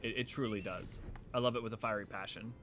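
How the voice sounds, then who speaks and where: A man's voice: on the low side, steady tone, fast talker, a bit bright, soft background music. A man chatting casually on his livestream, rambling with fillers and restarts between reading game dialogue aloud.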